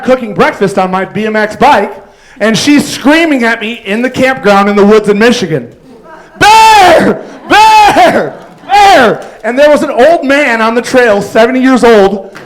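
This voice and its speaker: A man's voice: high-pitched, low-quality recording. A man doing a stand-up set on a club stage, telling rambling stories full of fillers and acted-out quotes. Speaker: stand-up comedian.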